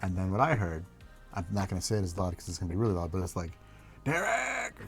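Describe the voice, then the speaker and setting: A man in his thirties with a low, steady voice talks very fast while hosting a livestream, with faint music behind him. He tells family stories in a laid-back way, chuckling often.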